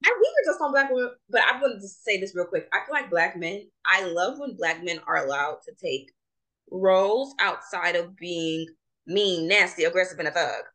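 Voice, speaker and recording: Bright-voiced, impassioned young woman. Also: lowish voice, lively intonation, moderate pace, poor audio. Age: young adult. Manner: impassioned, emphatic, opinionated. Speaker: podcast host. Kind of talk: casual chat.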